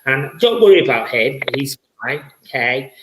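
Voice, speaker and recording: A man's voice: medium pitch, big pitch swings, normal speed, echoey room, noisy background. A man hosting a live-streamed spirit reading as a psychic medium, chatty and effusive, often repeating his words.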